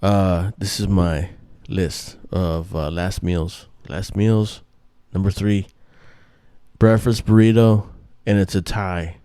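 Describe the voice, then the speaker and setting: A man's voice: low-pitched, flat delivery, takes it slowly, dark tone, clean tone, no room sound, clean studio sound. A man hosting a casual, rambling monologue, swearing and restarting his sentences often. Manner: rambling, profane, many restarts and fillers. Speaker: host.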